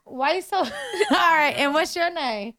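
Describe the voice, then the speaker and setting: A woman's voice: high-pitched, unhurried, fairly bright tone. A woman hosting a casual podcast chat in a studio, laughing often and teasing and mothering the kids on the mic. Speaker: podcast host. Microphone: studio microphone with headphones.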